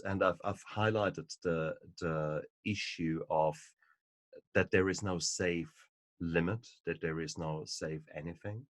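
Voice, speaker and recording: A man and book author in an interview conversation, telling stories in an animated, emphatic way. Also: deep voice, no room sound. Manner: animated storyteller, emphatic and repetitive.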